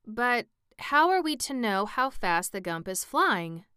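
A woman's voice: a little high, very animated, unhurried, sharp tone, clear, resonant tone, no echo, studio quality, voice pushed up, heavily acted. A woman reading the part of an earnest young boy adventurer in an audiobook, in a plain, slightly raised voice.

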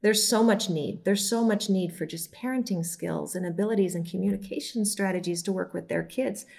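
A woman who runs a children's home, speaking earnestly in an interview with halting restarts. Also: mid-range voice, creaky, darkish tone.

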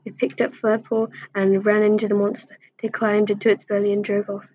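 A woman's voice: medium pitch, completely flat delivery, fairly quick, a little mellow, breathy edge, highs cut off. A woman reading a fan story aloud in a plain voice, with slips and restarts along the way. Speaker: story reader.

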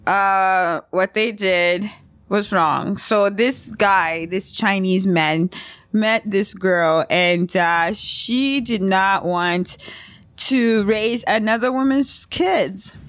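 A woman's voice: medium pitch, extremely slow, fairly bright tone, no echo. A woman hosting a casual solo podcast, talking bluntly and with outrage, often breaking into laughter. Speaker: podcast host.

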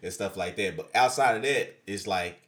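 Man, co-host, very deep voice, hesitant, full of "um" and repeats. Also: a bit bright. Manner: halting, many fillers and repeats. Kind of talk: casual chat.

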